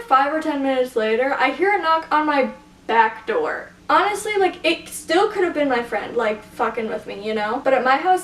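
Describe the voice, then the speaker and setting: A woman vlogging from her bedroom, telling stories in a chatty, profane way and saying "like" constantly. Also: high-pitched. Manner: chatty, profane, filler-heavy, says "like" constantly. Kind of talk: casual storytelling to camera. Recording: echoey room, mic at a distance, faint hiss.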